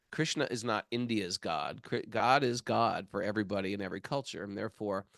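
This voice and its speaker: Man, podcast co-host, animated storyteller, restarts a lot, lowish voice, dry close sound. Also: no echo. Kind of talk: casual spiritual discussion.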